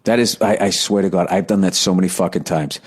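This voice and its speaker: Swearing, rambling man with a lowish voice. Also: quick pace, breathy edge. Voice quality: heavy profanity, rambling storytelling with restarts. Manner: self-deprecating, animated retelling. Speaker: comedian. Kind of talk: casual comedic monologue.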